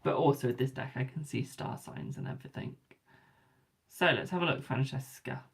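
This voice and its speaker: Low gravelly-voiced British woman reading tarot. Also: normal speed. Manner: chatty, calls viewers darling and boo. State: yawning, a bit tired. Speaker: tarot card reader hosting a live stream. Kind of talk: casual live-stream chat and readings.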